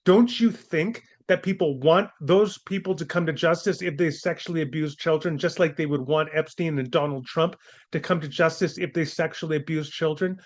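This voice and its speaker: Indignant male commentator, slightly higher voice. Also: normal speed. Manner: indignant and scornful, with rhetorical questions. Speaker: commentator and apologist host. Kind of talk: opinionated commentary monologue.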